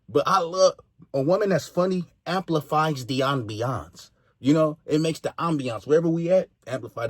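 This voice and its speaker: A man giving laid-back, rambling commentary, full of "you know"s and loud laughs. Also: on the high side, no echo, studio quality. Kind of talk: casual commentary.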